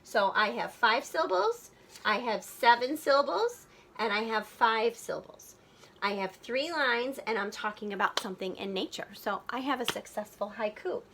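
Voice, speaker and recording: Bright-voiced woman teaching a lesson. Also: on the high side, lively intonation, moderate pace, slight background noise. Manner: patient, explains step by step with many ums. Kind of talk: recorded classroom lesson for students. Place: classroom. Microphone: phone filming chart paper.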